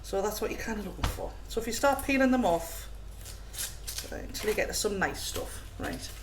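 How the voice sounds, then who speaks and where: A woman's voice: mid-range voice, animated, a little fast. A woman hosting a casual home cooking vlog, chatty and self-mocking with frequent giggles. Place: home kitchen. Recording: echoey room, noisy background.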